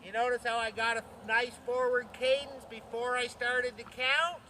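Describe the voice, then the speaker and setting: Male riding coach mounted outdoors; pitched high, crisp, talks through drills and counts the rhythm. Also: steady tone, moderate pace, bright, forceful tone, slight background noise. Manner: counts strides aloud, checks in with "okay?". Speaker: horse riding instructor. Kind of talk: instructional talk while riding. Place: outdoors on horseback.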